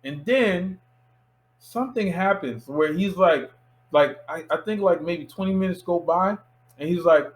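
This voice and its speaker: Man in his 30s, casual interview guest, lively storyteller, slightly high voice. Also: unhurried, rough recording. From Miami, USA. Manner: animated anecdote teller who acts out quoted voices. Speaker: filmmaker guest.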